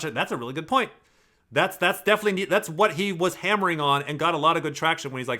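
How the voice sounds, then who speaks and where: A man's voice: fairly high pitch, quick pace. A man giving casual, profane, rambling commentary, breaking down clips to analyze personality type. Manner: profane, rambling, animated with restarts.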